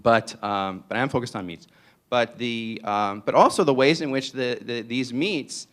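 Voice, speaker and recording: A man's voice: mid-range voice, normal speed, a bit bright. A man from New York with a New York accent gives a public lecture in a playful, digressive way and often asks "right?".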